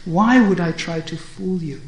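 Cheeky joker boy sidekick, reader doing him, slow and echoey. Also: medium pitch, lightly acted. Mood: teasing. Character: joking young priest boy, cheeky sidekick. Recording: roomy echo.

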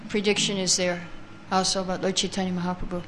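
A woman's voice: on the low side, flat delivery, a bit bright, a little hiss or hum. Woman teaching a scripture class. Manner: chants Sanskrit verses slowly, then reads translations and explains; takes answers from the class. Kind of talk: scripture class, reading verses and explaining.

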